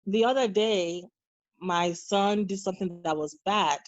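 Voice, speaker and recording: A woman's voice: medium pitch, unhurried, dry recording, dull audio. Earnest woman telling stories, dry sound. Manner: earnest, storytelling, acts out quoted dialogue. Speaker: guest, nurse and mother. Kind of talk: casual interview conversation.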